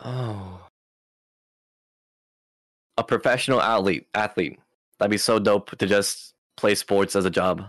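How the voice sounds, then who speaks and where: A man's voice: fairly low pitch, fairly even intonation, slow pace, long pauses, a bit bright, dry recording. A young man answering interview questions casually, rambling with lots of fillers and easy slang. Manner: rambling, filler-heavy, laid-back slang. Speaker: interview guest.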